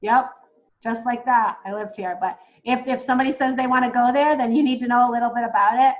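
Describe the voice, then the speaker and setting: High-voiced, chatty woman coach. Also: a little fast, muffled recording. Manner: chatty and excitable, addresses viewers as guys. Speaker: travel business coach. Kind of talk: casual teaching while screen-sharing.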